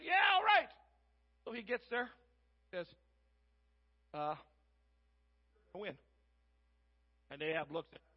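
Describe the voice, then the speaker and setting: A man preaching a sermon, retelling a Bible story and acting out the characters in lively voices. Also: extremely high pitch, unhurried, long pauses, muffled recording. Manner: animated, acts out characters in different voices.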